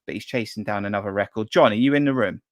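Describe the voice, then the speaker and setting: A man's voice: lowish voice, no room sound, studio quality. A man hosting a live football fan show, reading out viewer comments and teasing his co-host. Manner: teasing and brisk. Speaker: podcast host.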